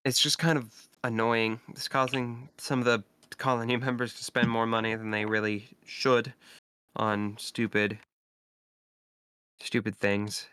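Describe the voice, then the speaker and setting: A man's voice: medium pitch, flat delivery, measured pace, bright, forceful tone, clean tone, no echo. A man voicing a colony official in a tabletop game, who politely asks for help with a nuisance and sounds mildly exasperated. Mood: mildly annoyed.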